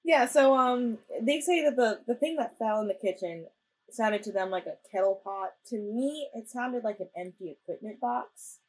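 A young woman co-hosts a podcast, chatting casually about a ghost-hunting show in a playful, giggly way and acting out quotes. Her voice is on the high side at normal speed, and the recording is rough.

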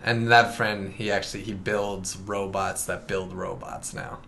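A man's voice: low-pitched, fairly even intonation, measured pace, creaky, a bit bright, a little hiss or hum. A man chatting on a podcast, dropping short crude jokes. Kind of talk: casual chat.

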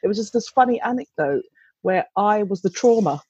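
A woman's voice: medium pitch, animated, a little fast, dark tone, husky, dry recording, dull audio. A woman, a mother, telling a candid, chatty anecdote with some swearing and restarts. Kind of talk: casual anecdote.

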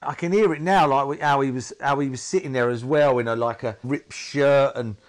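A man speaking as an interview guest, halting and repetitive, full of restarts and fillers. His pitch sits mid-range, and his speech is emotional and personal. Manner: halting, repeats himself, many fillers.

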